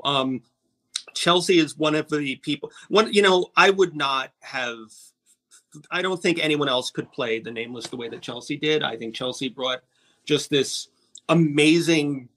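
A filmmaker speaking earnestly in an interview, with a measured delivery full of fillers. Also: male voice, on the high side, pushed and bright. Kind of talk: casual interview.

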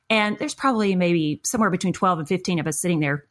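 A middle-aged woman telling a story in conversation, acting out quotes with lively shifts in voice. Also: quick pace, few pauses. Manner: expressive, acts out quotes with big pitch jumps.

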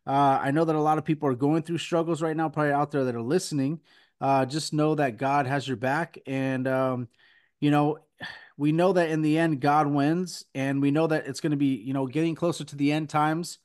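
A man's voice: fairly high pitch, fairly even intonation, moderate pace, darkish tone. Earnest man hosting a faith podcast. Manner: earnest, rambling, many fillers. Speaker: podcast host. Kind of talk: casual podcast chat and preaching.

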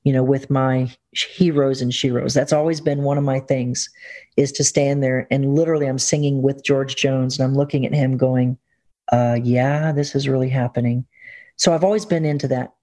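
A woman musician is interviewed and tells her stories in a lively, expressive way. She laughs easily as she talks and keeps an excited, chatty energy. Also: very deep voice, moderate pace. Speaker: musician guest. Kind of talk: casual interview storytelling.

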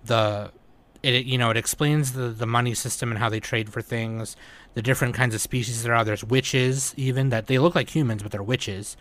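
A man's voice: medium pitch, steady tone, normal speed, fairly bright tone. A man in casual chat, rambling and retelling scenes with quoted lines, swearing now and then. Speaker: podcast host reviewing anime.

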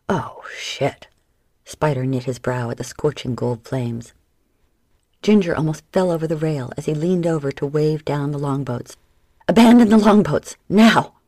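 A woman giving a measured, dramatic audiobook narration. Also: sits low, dark tone, no echo. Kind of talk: scripted narration.

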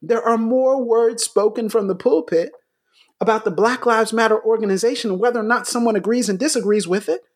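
A man co-hosting a talk show who gives impassioned commentary. He hammers his points through repetition and surges upward into near-shouts. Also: high voice, brisk. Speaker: podcast co-host.

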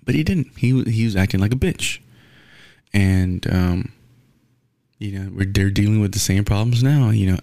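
A man's voice: moderate pace, mellow, no room sound, studio quality. A man giving a blunt, profane, rambling sports rant in casual talk, full of restarts. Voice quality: gravelly, low.

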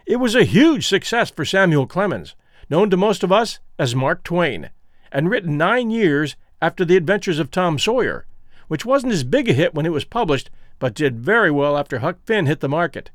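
A man with a Midwestern accent hosting a story podcast, giving a measured, explanatory introduction and reading aloud. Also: fairly high pitch, sing-song, dry recording, studio quality. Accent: Midwestern American. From American Midwest. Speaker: podcast host and reader.

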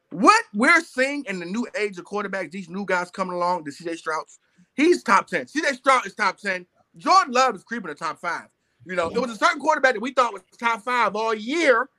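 Animated high-voiced man debating sports. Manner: playful, animated, mock-emotional. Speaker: panelist.

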